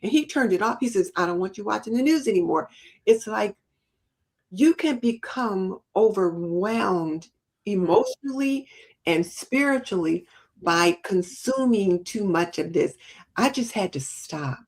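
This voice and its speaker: Expressive woman co-host telling a story. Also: medium pitch, a little slow. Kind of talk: casual livestream chat.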